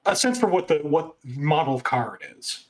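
Casual male tabletop player, higher voice. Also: big pitch swings, normal speed. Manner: casual, thinking aloud. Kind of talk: tabletop game play. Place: live convention stage.

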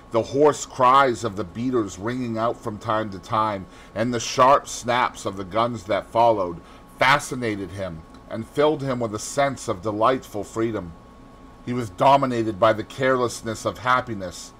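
A male audiobook narrator reads a classic novel aloud, telling the story in an expressive, measured way. His voice sits in the mid range, and there is slight background noise.

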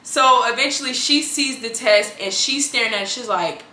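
A woman's voice: fairly high pitch, lively intonation, a little fast, hardly any pauses, sharp tone, echoey room. A young woman vlogger chatting casually to camera, telling her story and calling her viewers girl and y'all.

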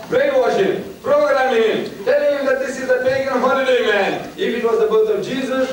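An older man from South Africa giving a public lecture to students, telling stories with teasing emphasis. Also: sits high. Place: large lecture hall. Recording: echoey hall from far off, noisy.

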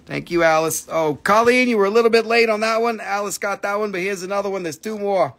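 Man, high voice, live sales host, jokey, swears casually. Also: quick pace, creaky, fairly bright tone. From Appalachian region, US. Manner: joking, swears freely, slips into silly voices. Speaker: livestream crystal seller.

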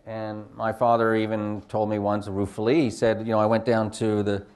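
A man's voice: lowish voice, little pitch movement, normal speed, a little mellow, smooth. A film director on a panel, answering reflectively and searching for his words with many fillers. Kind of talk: panel discussion.

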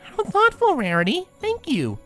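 A man's voice: very high voice, huge pitch swings, moderate pace, fairly bright tone, soft background music, voice pushed up, full character voice. A man voicing an anxious, studious unicorn mare who leads the group, earnest and tense.

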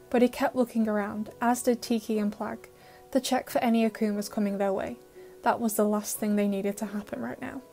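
A woman reads an audio fan-fiction story in a steady, emotive way. Her voice is fairly high, and soft music plays faintly beneath it. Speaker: narrator.

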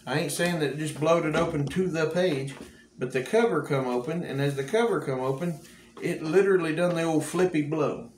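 A man's voice: fairly high pitch, a little fast. A man, a cowboy church preacher telling a folksy testimony with frequent laughs. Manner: folksy storyteller, laughs often. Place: church room. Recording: echoey room with faint hum.

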